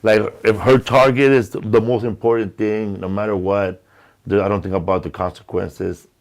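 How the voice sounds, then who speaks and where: A man's voice: fairly low pitch, steady tone, normal speed. Man, podcast host, rambling casual chat, swears a lot, says bro, studio.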